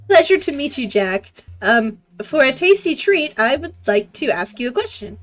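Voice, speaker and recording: A woman's voice: sits high, very animated, moderate pace, fairly bright tone, faint music behind. A woman voicing a naive, polite young adventurer in a tabletop game, a little hesitant. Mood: friendly.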